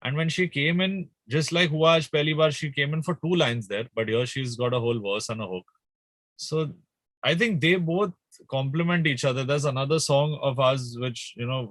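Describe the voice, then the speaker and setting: Bright, dry-sounding man chatting. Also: medium pitch, normal speed, no echo. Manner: animated, rambling with restarts and fillers. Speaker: guest musician. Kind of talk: casual interview chat.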